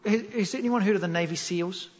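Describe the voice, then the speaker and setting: A man from New Zealand, accent and all, preaches as a pastor in a brisk voice that sits high. His sermon is an animated, jokey story, and he keeps turning to the audience with questions. The recording is echoey, dull, and lo-fi.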